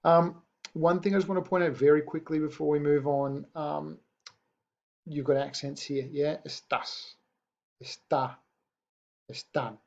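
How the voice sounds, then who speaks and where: A man's voice: on the high side, little pitch movement, moderate pace, gravelly, a little mellow, dull audio. A man explaining a Spanish grammar point in a recorded lesson, patient and checking in with his students. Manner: patient, checks in with rhetorical "yeah?". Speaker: Spanish teacher.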